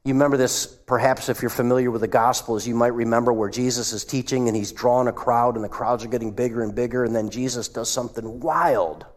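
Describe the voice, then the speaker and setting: A man preaching a sermon as pastor, retelling scenes and dropping his voice low for asides. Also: steady tone, fast, few pauses. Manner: acts out quoted voices, drops to a hush for asides. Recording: long hall reverb.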